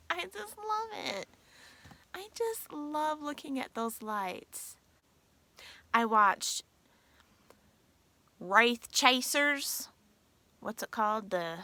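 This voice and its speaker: Talking to her viewers in a chatty, drawling way, a woman vlogger giggles through her stories. Her voice runs on the high side, bright and forceful, with no room sound.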